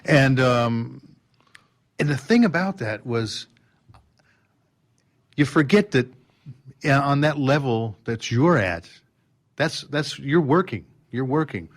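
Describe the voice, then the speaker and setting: A man as a podcast guest, telling a story with lively restarts and acting out voices and sounds. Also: medium pitch, slow, pauses often. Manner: animated, acts out quotes and sounds, many restarts. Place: drum showroom.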